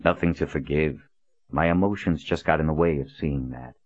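A man's voice: a bass voice, moderate pace. A man reading an earnest young hero. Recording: dull lo-fi recording.

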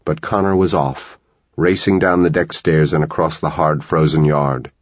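A man narrating an audiobook in a measured, dramatic storytelling manner. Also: extremely low pitch, steady tone, dry recording, dull audio.

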